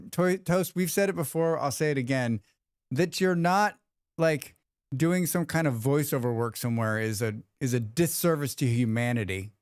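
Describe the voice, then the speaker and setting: Chatty male streamer, crisp dry voice. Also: medium pitch, dry recording. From United States. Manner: rambling, musing aloud and reading chat messages. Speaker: livestream host. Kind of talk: casual chat with chat while gaming.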